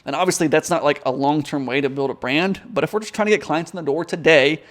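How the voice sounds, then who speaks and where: A man's voice: on the high side, quick pace. A man coaching viewers in a casual advice vlog, with direct, conversational talk. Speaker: online business coach.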